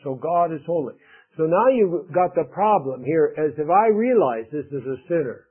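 A man preaching a sermon in an earnest way, with emphatic rises and quiet drops. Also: fairly high pitch, expressive, moderate pace, slightly rough. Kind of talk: radio sermon. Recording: narrow phone-like radio broadcast.

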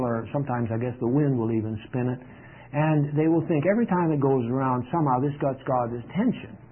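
Middle-aged male pastor, conversational sermon delivery, husky and a touch high, tinny radio sound. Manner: conversational, plain-spoken preaching. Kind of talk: sermon teaching.

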